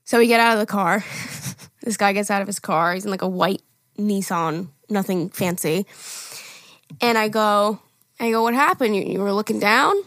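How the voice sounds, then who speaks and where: A woman's voice: medium pitch, normal speed, no room sound. A young woman co-hosting a podcast, telling a story in casual chat, acting out quotes and laughing often. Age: young adult. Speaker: podcast co-host.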